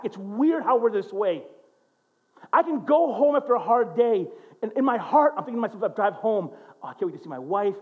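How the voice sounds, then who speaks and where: A man preaching a sermon as a pastor, telling stories and acting out quotes in an animated way. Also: sits high, dull audio. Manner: animated, storytelling with acted-out quotes.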